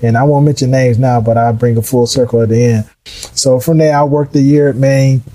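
A middle-aged man telling his career story in a casual, animated way, acting out the voices of people he quotes. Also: medium pitch, brisk, rough recording. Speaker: guest.

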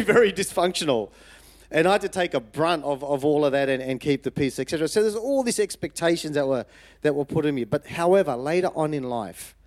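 In this sermon, a middle-aged preacher from Fiji, whose Fijian Indian accent has a slight Australian twang, recounts his own testimony with lively storytelling. His voice sits on the high side, and he keeps adding "you know" asides and repeating phrases to drive points home.

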